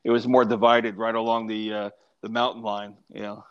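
A man's voice: on the low side, flat delivery, a little fast, clear, resonant tone. A man chatting as a guest, often hesitating and repeating his words. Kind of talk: casual conversation. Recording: dull lo-fi sound.

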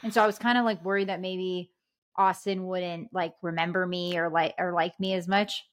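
A woman's voice: on the low side, moderate pace. A young woman co-hosting a podcast, telling stories in casual chat with many fillers. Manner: chatty, animated storytelling with many "like" fillers. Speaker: podcast co-host.

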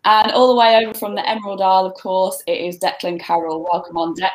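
A woman with a Birmingham accent hosts a casual racing podcast in a mid-range voice. She chats in a friendly way with her guests and slows down to read out runners and prices. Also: mid-range voice, level tone, low-quality recording. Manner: friendly, chatty, reads out odds deliberately. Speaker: podcast host.

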